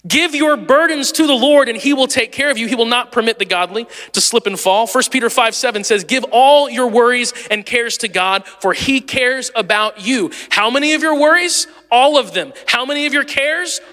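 High, bright-voiced pastor in a hall. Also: male voice, normal speed, hardly any pauses. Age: 30s. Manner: conversational and animated, laughs easily. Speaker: lead pastor. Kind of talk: sermon.

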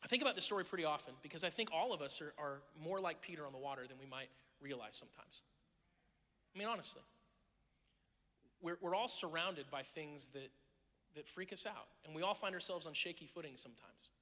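A middle-aged man delivers a sermon in a very bright, lively voice that sits high for a man. He tells his stories with humor and acts out the people in them. A long reverb trails off every line in the hall. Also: a little fast. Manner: animated storytelling, jokes and acted-out quotes. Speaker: pastor.

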